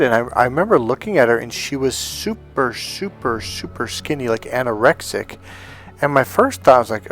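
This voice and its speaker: With faint music in the background, a middle-aged relationship coach speaks at a moderate pace in a medium-pitched voice. In a casual monologue he tells a personal story, animatedly acting out the voices of people he quotes and using lots of fillers.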